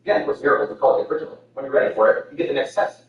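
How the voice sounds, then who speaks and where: A man teaching a spiritual lecture, explaining ideas in a lively way and pointing to props and a board. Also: medium pitch, very fast. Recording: echoey, distant, dull.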